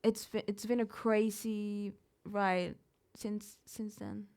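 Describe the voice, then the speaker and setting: A woman's voice: mid-range voice, flat delivery, takes it slowly, creaky, darkish tone. Candid young woman singer, emphatic. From Mexico. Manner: open and emphatic, often restarts words. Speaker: singer being interviewed. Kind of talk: candid live interview. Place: live event in a studio.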